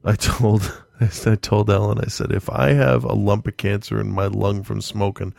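Gravelly low-voiced man, casual chat. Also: flat delivery, normal speed, a little mellow, no echo, studio quality. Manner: profane, darkly joking, laughs often.

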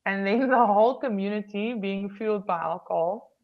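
A woman's voice: medium pitch, normal speed. A South African woman, a police officer, frankly recounting her work in a casual interview with many ums and restarts. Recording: slightly dull lo-fi recording.

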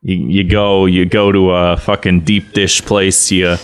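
A man's voice: deep voice, little pitch movement, unhurried, smooth. A man from Chicago co-hosting a podcast, laid-back and profane, laughing often. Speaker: podcast co-host. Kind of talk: casual podcast banter.

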